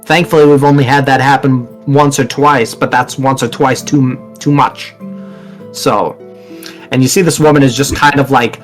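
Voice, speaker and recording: A man's voice: mid-range voice, fairly even intonation, moderate pace, faint music behind. A man narrating a tabletop game as game master, in a casual, rambling way with many fillers.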